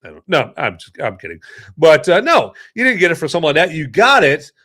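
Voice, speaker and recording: A man's voice: fairly high pitch, brisk, breathy edge. Rambling joking podcast host, man. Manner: rambling, joking, animated storytelling. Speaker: podcast host and movie reviewer. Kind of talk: casual podcast monologue.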